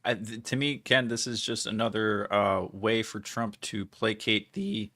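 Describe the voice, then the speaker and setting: A young man with a raspy voice, the show's producer, bantering casually and quickly with sudden loud bursts. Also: fairly low pitch, no echo. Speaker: show producer. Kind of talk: casual talk show banter.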